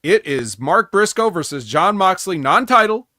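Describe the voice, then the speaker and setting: A man's voice: high-pitched, very animated, moderate pace, sharp tone, no echo, studio quality. A man co-hosting a casual wrestling recap podcast, rambling with sarcastic asides. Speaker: podcast co-host.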